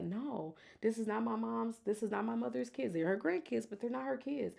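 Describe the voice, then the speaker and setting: A woman's voice: fairly high pitch, a little fast, gravelly, a little mellow. A woman hosting a personal faith podcast, talking earnestly and emotionally in a testifying way. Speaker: podcast host.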